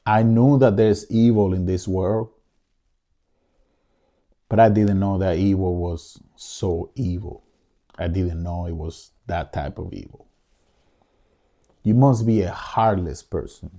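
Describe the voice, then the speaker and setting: A man's voice: low-pitched, fairly even intonation, slow, pauses often, warm tone. A man co-hosting a podcast, speaking with emotion, pleading and angry, repeating his phrases. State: angry and upset. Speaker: podcast co-host. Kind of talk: impassioned commentary.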